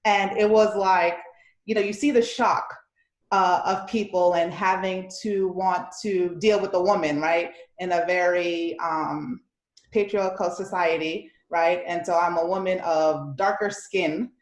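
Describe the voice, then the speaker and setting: A woman recounting her experiences on a panel in a measured way, with frequent fillers. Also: on the low side, fairly even intonation. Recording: roomy echo.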